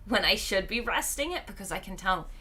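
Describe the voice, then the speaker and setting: Bright-voiced woman with a strained voice. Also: mid-range voice, animated, fairly quick, breathy edge. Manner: chatty, rambling, reads chat aloud. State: strained, tired voice. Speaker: game streamer. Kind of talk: casual live-stream chat.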